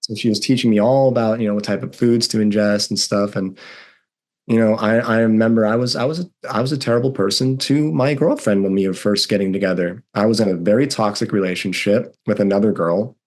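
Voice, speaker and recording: A man's voice: lowish voice, brisk, a little mellow. A man in his thirties, a guest telling his own story in a candid, earnest and emphatic way. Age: 30s. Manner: earnest and emphatic, reliving strong emotions.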